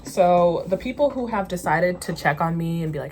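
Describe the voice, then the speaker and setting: A woman's voice: on the low side, animated, normal speed, a little mellow, slight background noise. A young woman vlogger telling a story in casual chat, venting candidly and swearing freely.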